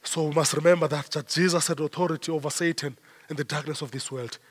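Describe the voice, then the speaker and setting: A man's voice: a little high, fairly even intonation, fast talker, breathy edge. A South African man preaching a sermon as pastor, emphatic and repeating his phrases in rising waves. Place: church. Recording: long church hall reverb.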